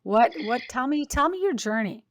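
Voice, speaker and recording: A woman hosting a podcast, telling stories in a chatty, energetic way and interviewing a guest. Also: on the high side, moderate pace, no room sound. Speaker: host.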